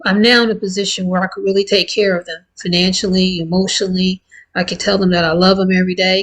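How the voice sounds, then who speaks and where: A woman in her fifties talking candidly and warmly to her viewers in a casual, heartfelt vlog. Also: mid-range voice, rough recording. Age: 50s. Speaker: vlogger. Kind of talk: casual chat to camera.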